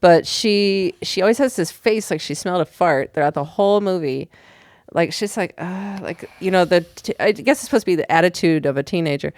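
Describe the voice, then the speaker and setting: A woman's voice: on the low side, a little fast, no echo. A woman co-hosting a podcast in casual chat, telling it animatedly and laughing often. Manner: giggly, animated storytelling. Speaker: podcast co-host.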